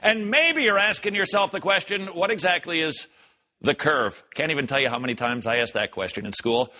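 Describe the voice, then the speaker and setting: A man hosting a commentary show, reacting to clips with animated, joking asides. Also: a little high, a little fast, slight background noise. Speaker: host.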